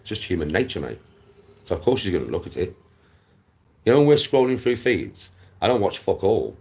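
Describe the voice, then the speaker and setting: A man's voice: deep voice, very animated, a little fast, a little mellow, husky. A man from Smethwick with a Black Country accent, hosting his own channel and ranting to viewers in a blunt, sweary way that repeats itself, with laughs breaking in. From Smethwick, England. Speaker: YouTube channel host. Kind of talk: casual rant to viewers.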